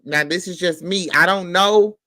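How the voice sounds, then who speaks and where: A man hosting a casual gossip commentary show, halting and full of restarts. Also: sits high, pushed and bright, no room sound, studio quality. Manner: halting, restarts, slow delivery. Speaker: host.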